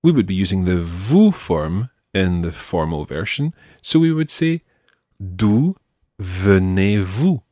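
A man teaching a French lesson, explaining and slowly modelling phrases for learners to repeat. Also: sits low, sing-song, dark tone, no echo, clean studio sound. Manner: slow, careful modelling of phrases. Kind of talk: audio language lesson.

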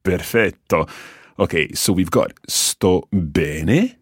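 Very deep-voiced, lively male teacher. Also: husky, no room sound, studio quality. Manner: patient, explanatory, models words slowly. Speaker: language teacher and host. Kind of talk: scripted language lesson.

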